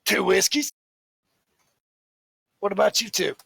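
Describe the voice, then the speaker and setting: A man voicing a jovial bearded male tavern keeper who talks loudly and heartily across the bar. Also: sits high, expressive, slow pace, vocal fry, slightly rough, no echo, pitched above the performer's own voice, full character voice. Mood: hearty.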